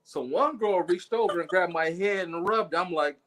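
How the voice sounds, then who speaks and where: At a moderate pace and in a high-pitched, slightly bright, animated voice, a guest storyteller shares a humorous personal tale on a casual livestream. He impersonates those he quotes with big vocal jumps, speaking through a video call mic.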